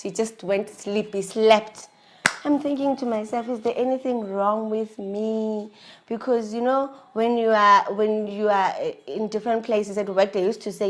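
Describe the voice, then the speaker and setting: A young woman hosts her own vlog, telling a personal story in a candid, confiding way. Her voice sits in a mid register. At the tense moments she drops to a near hush. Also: medium pitch. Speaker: vlog host.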